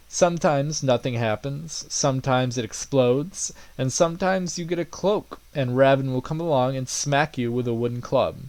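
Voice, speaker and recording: A man's voice: mid-range voice, a little mellow, dry recording. A man narrating a tabletop game as game master, in loose speech full of fillers and small chuckles.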